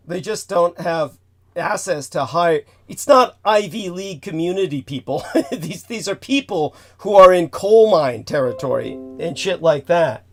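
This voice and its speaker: A man hosting a talk show, delivering a rambling, emphatic lecture full of asides. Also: on the high side. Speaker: host.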